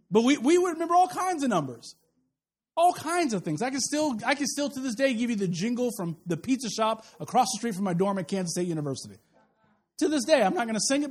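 High-voiced man preaching animatedly. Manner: animated, conversational preaching with acted-out asides. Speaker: pastor. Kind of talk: sermon.

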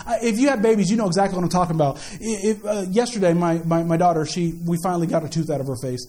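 A man's voice: sits high, fast, few pauses, a little mellow. A man, a young father, preaching a sermon with playful family stories and questions to the congregation. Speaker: pastor.

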